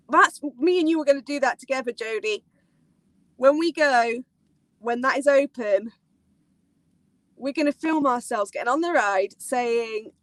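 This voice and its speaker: A woman hosting a casual live-stream chat, excitable and rambling, giggling often and using lots of fillers. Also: fairly high pitch, normal speed, dry recording, poor audio. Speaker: host of a live theme park chat.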